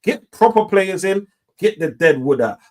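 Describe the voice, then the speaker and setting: A man's voice: high-pitched, animated, normal speed, a little mellow. A man hosting a football fan call-in show, ranting heatedly with heavy swearing and slang.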